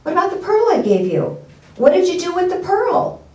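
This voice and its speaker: A woman's voice: very high voice, big pitch swings, fairly quick, warm tone, reverberant, distant mic, voice pushed up, low-quality recording. A woman preacher voicing a baffled rich man in a parable. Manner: insistent, questioning. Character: puzzled wealthy man in a parable.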